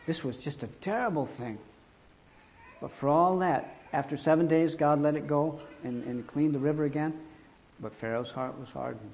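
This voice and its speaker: A man's voice: fairly high pitch, moderate pace, vocal fry, a little mellow. A man telling a Bible story and reading archaic scripture in a dramatic, emphatic way.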